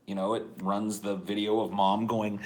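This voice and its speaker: A man co-hosting a podcast, rambling through a profane, deadpan rant in casual chat. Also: lowish voice, normal speed. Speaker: podcast co-host.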